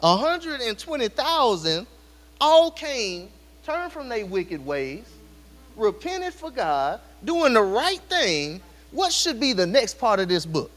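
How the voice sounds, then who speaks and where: Man preaching in a church, really high voice, keeps asking the congregation questions, long hall echo. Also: very animated, slow, a bit bright. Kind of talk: sermon. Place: church sanctuary.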